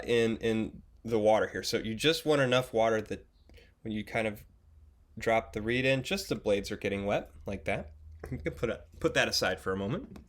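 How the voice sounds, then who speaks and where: A young man teaching a beginner oboe lesson, patient and encouraging, often pausing with fillers and restarting his sentences. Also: fairly low pitch, a bit bright. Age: young adult. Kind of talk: instructional video lesson.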